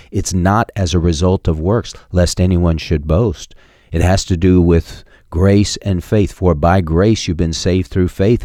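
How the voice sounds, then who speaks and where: A middle-aged man preaching a sermon, emphatic and building to sharp peaks, quoting scripture with chapter and verse. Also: low-pitched, dry recording, clean studio sound. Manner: emphatic preaching, rising sharply on key points. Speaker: pastor.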